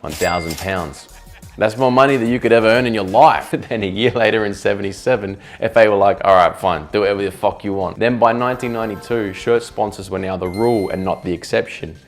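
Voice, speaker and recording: A man's voice: fairly low pitch, fairly quick, soft background music. A man narrating a comedic video essay in a sarcastic, jokey manner, swearing freely. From Australia.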